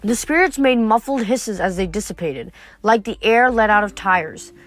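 A woman's voice: medium pitch, animated, normal speed. A woman reading a novel aloud, sometimes stumbling and restarting a word. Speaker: reader.

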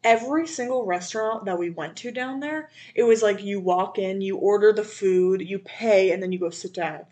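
A woman's voice: mid-range voice, normal speed, hardly any pauses. Young woman chatting, swearing, laughing. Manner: laughing, swears freely, animated storytelling. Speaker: podcast co-host. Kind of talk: casual chat.

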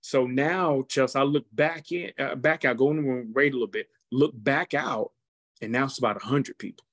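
A man who serves as a football team chaplain, telling a testimony story in an animated, preacherly way and acting out the quotes. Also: mid-range voice, moderate pace, no echo.

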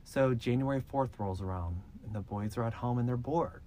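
A man with a mid-pitched voice talks through a true-crime case in a relaxed, conversational way. He leans on filler words like "like" and "so" as he strings events together. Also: normal speed, slight background noise. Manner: loose, filler-heavy retelling with "like" and "so". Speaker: podcast host. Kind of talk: casual true-crime storytelling.

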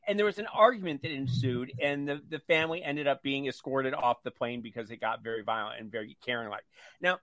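A man co-hosting a radio talk show, telling a lively personal story and acting out the voices of the people in it. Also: medium pitch, brisk. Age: older. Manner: animated storyteller who acts out the voices in his anecdotes.

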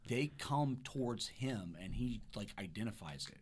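A man's voice: lowish voice, expressive, moderate pace, slightly rough. A man on a podcast as a guest comedian, chatting casually in a laid-back way, swearing a lot and ending lines with "man" and "dude".

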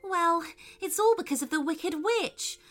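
A woman voicing a gentle, charming male unicorn in a storybook reading, speaking high and sweet. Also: very animated, a little slow, soft background music, exaggerated voice. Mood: sad.

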